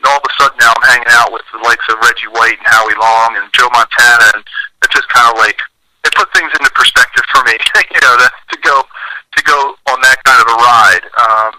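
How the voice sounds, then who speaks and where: A man's voice: medium pitch, fairly even intonation, fast, bright, forceful tone, low-quality recording. A man in his forties, a former football lineman, telling chatty stories in an interview with many fillers. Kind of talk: casual storytelling interview.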